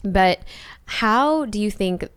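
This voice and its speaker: A woman hosting a podcast, asking reflective, supportive questions with halting restarts. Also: medium pitch, lively intonation, smooth. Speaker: podcast host. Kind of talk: conversational interview.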